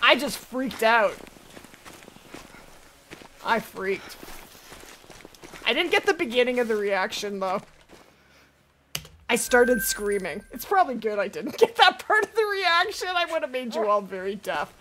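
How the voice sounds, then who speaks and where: A woman hosting a live gaming stream, chatty and excitable, talking to her chat and to the game. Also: a little high, a little slow, long pauses, a little hiss or hum. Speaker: livestream host.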